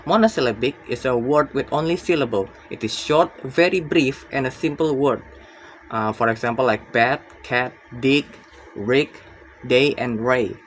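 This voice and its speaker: Young male student, mid-pitched, reads his class presentation with some hesitation, faint noise behind. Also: normal speed, rough recording. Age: young adult. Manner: careful reading with frequent uh fillers and restarts.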